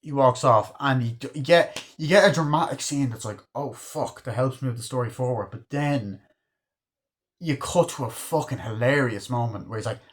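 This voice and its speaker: A man's voice: mid-range voice, normal speed. Rambling, foul-mouthed male film reviewer. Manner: rambling, swears freely, retells scenes. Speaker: movie reviewer. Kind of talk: casual spoken film review.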